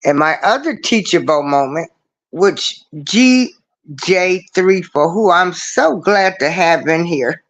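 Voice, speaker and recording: A man hosts a casual livestream in an unhurried, deliberate way, leaning on each phrase and circling back to his points. His voice sits a little high for a man. The sound is plain computer-mic audio with nothing behind it. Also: expressive, a bit bright. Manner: earnest, preachy, repeats his points. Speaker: livestream show host.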